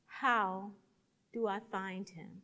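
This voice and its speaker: A woman doing a big desperate man, low and quiet. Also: fairly even intonation, slow, lo-fi sound, exaggerated voice. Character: big tall troubled man, desperate and tearful.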